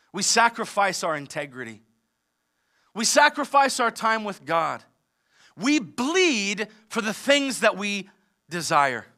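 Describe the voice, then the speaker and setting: A man preaching a sermon as pastor, moving between forceful emphatic passages and conversational asides. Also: high-pitched. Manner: preaches with rising intensity, mixes emphatic and conversational. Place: church service in a large theater.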